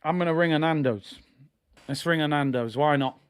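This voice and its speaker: Male host, high clear voice, hyped live match commentary with taunts and shouts. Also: moderate pace. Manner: excitable, shouts at big moments, taunts opponents. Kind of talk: live football watch-along commentary.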